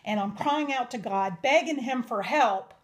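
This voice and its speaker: A young woman with a drawl tells her life story as a testimony. Her voice sits slightly high, and she speaks with earnest, emotional sincerity. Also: normal speed. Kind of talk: personal testimony.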